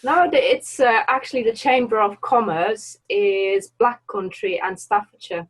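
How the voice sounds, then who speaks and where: A woman's voice: mid-range voice, a little slow, rough recording. A woman from the Netherlands with a Dutch accent tinged by Birmingham speech, chatting casually as a guest, laughing often and hesitating with fillers. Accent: Dutch with Birmingham (Brummie) tinge. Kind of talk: casual chat.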